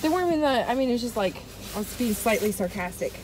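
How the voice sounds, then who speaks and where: A chatty woman vlogging from a car, rambling and venting with a stuffy, runny nose. Her voice sits a bit high. Steady traffic noise runs under her talk. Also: racing. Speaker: travel vlogger. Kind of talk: casual vlog chat. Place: in a car by a busy road.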